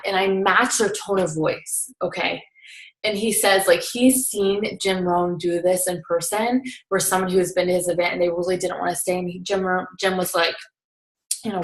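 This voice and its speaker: A woman's voice: medium pitch, moderate pace, a bit bright. A young woman recapping a seminar in casual chat, earnest and coaching, filling her talk with "like". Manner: chatty, heavy use of filler "like". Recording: echoey room.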